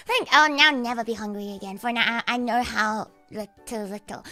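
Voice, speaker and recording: A woman's voice: on the high side, fairly quick, few pauses, pushed and bright, no echo, soft background music. A young Australian woman livestreaming, chatting casually and swearing constantly, with a cute anime-like voice. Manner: sweary, rambling, laughs often.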